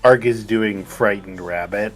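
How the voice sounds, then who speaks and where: A man playing in a tabletop game, talking things through slowly and haltingly. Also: lowish voice, faint music behind. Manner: slow, halting, thinks aloud. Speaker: player. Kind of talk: casual table talk.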